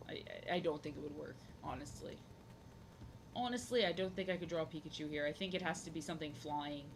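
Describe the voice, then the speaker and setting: A woman's voice: sits low, fast talker, a little hiss or hum. A young woman chatting casually on her drawing stream, rambling, goofy and repeating herself. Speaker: art streamer.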